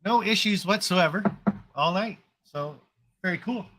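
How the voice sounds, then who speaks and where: A man's voice: high-pitched, a little slow, sharp tone, dry recording. A man hosting a casual live stream, chatting in an upbeat, rambling way.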